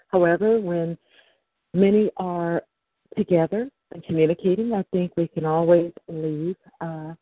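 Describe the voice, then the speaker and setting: A woman hosting a call-in show and interviewing a guest, speaking in a measured, formal way with frequent fillers. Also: lowish voice, dry recording. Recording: tinny phone line.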